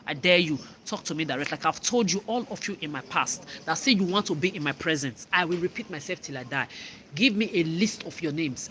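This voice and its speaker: A woman's voice: sits low, fairly bright tone, a little hiss or hum. A woman, cursing her enemies in an angry, repetitive vlog rant. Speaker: vlogger. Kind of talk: angry monologue rant to camera.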